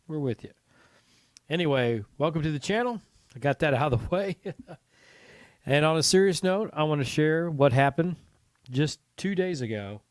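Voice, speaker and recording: A man's voice: a little high, lively intonation, moderate pace, long pauses, dry recording. A man hosting his own podcast, talking casually and earnestly to listeners, rambling with asides and restarts. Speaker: podcast host. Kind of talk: casual solo podcast talk.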